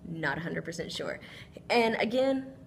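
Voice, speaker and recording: Lively musing woman teacher. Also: on the low side, a little slow, creaky, a little hiss or hum. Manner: musing, thinks aloud with frequent ums. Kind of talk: recorded literature lesson.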